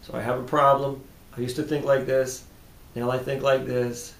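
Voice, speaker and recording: A man who practices tapping therapy, speaking calm, repetitive self-affirmations that often drop to a hushed tone, then explaining his method. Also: moderate pace, creaky. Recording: roomy echo with faint rumble.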